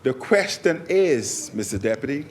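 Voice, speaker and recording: A man's voice: medium pitch, big pitch swings, a little slow, slight background noise. Emphatic man giving a speech. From Bahamas. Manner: emphatic, repeats phrases for stress. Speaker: member of parliament. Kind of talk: parliamentary speech. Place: parliament chamber.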